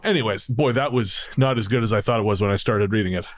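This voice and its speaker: A man with a lowish voice talks fast as co-host of a spooky-stories podcast. He chats casually and reads a listener's story aloud, sardonic and often swearing and laughing.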